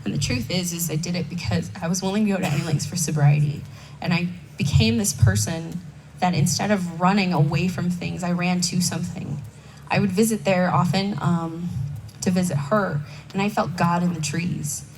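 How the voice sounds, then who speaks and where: A woman's voice: lowish voice, steady tone, normal speed, a little mellow. A young woman speaking candidly at a recovery meeting, telling her personal story in a conversational way with self-mocking asides. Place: conference hall stage. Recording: distant mic with faint background noise.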